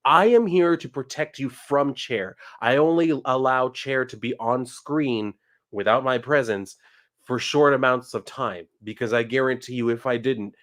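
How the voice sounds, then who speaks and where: A male streamer chatting casually on a live stream, reading out viewer messages. His pitch swings widely as he gets worked up, and he swears freely in a loose, joking way. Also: a little slow. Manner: animated, swearing, reads chat aloud.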